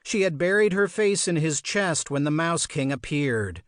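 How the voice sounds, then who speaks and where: A man narrating an audiobook in a measured, expressive storytelling manner. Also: a little high, dry recording, studio quality. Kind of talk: scripted narration.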